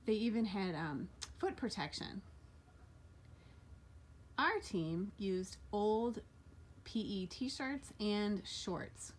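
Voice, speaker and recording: A woman tells a personal story in the first person, her delivery animated and lifting sharply whenever she acts out what people said. She slows down to linger on key details, with a pitch that sits in a middle range. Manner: animated, voice jumps up for quoted lines.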